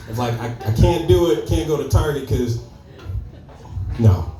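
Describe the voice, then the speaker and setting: A man telling a stand-up story at an open mic, conversational and animated. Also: mid-range voice, unhurried, long pauses. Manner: conversational, animated character voices. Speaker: stand-up comedian. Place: comedy club open mic. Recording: echoey club room, mic at a distance.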